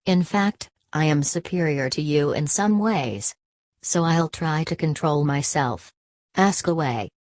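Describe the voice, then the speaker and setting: A woman reading a nervous, deferential man from inland for an audiobook. The voice is low and the reading is calm and measured. The close recording is dry. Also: no room sound. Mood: earnest.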